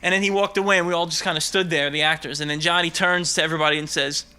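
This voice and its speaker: A stand-up comedian from Brooklyn, performing an animated set that slips into quick character voices. He has a high voice with a very bright, forceful edge. He also banters casually as an interview guest. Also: clear, resonant tone. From Brooklyn, New York. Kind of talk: stand-up routine, then casual interview chat.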